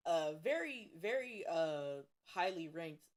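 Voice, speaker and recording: A woman's voice: on the low side, slow. Profane young woman telling stories. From Cincinnati, USA. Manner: profane, animated storytelling with bursts of laughter. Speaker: streamer. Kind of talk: casual storytelling while drawing.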